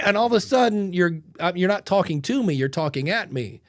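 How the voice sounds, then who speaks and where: A man hosting a podcast in casual chat, animated and talking into a mic with headphones, sometimes acting out voices. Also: sits high, fairly quick, no echo, clean studio sound. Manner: animated, demonstrates voices with sudden loud bursts. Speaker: podcast host. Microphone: studio mic with headphones.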